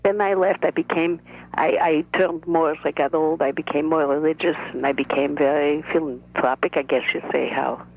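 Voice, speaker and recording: Woman voices reserved elderly grandmother, halting English, muffled phone line. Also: sits low, fairly even intonation. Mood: shy, earnest. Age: older. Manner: soft-spoken, measured, slightly broken English. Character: shy, careful elderly Russian-born grandmother. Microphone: telephone. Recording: dull telephone line.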